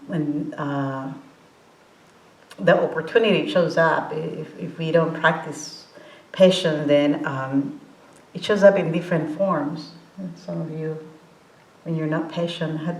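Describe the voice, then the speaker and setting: A woman in her forties gives a casual meditation talk in a roomy hall. Her voice sits low and she moves slowly, pausing on fillers and restarting phrases. She laughs easily as she talks. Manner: halting, many fillers and restarts, laughs often. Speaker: meditation teacher. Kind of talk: informal dharma talk.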